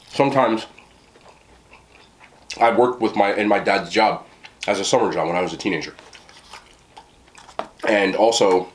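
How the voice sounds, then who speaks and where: A man's voice: fairly low pitch, a little hiss or hum. An American man in casual storytelling to the camera, talking in a rambling way with many fillers and restarts. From United States. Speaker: food vlogger.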